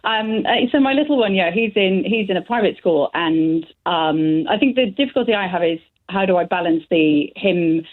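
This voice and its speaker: A woman from South Wales calls in to a radio show, chatty and hesitant, laughing easily. Her voice is on the lower side. It comes through a thin, tinny phone line. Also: expressive, moderate pace, few pauses. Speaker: caller. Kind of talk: phone-in call.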